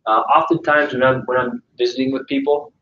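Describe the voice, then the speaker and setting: In a meeting room before a live audience, a male sales trainer talks fairly quickly in a steady, pushed, bright voice of medium pitch. His casual, chatty session is full of "right?" check-ins and acted-out client calls. Slight background noise sits under a dull, distant, echoey room sound.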